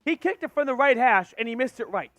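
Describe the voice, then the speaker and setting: A man hosting a live stream and calling a football game as a fan, getting excited and shouting on big plays. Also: very high voice, fast talker, no room sound, clean studio sound, faint music behind. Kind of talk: fan play-by-play commentary.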